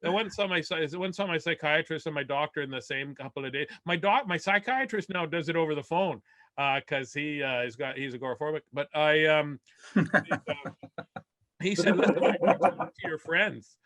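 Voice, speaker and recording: A man's voice: fairly high pitch, brisk, a bit bright. A male comedian from Winnipeg doing a rambling, self-deprecating stand-up set over a video call, full of restarts. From Winnipeg, Canada.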